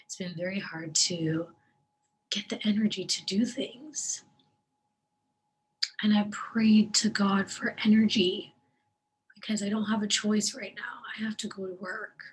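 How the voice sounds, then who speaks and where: Tearful woman speaking slowly and softly. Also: mid-range voice, fairly even intonation, low-quality recording. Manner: soft, halting, often drops to a breathy whisper; slow, hesitant delivery with long pauses. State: tearful, crying. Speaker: vlogger sharing her faith. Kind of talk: emotional personal video diary.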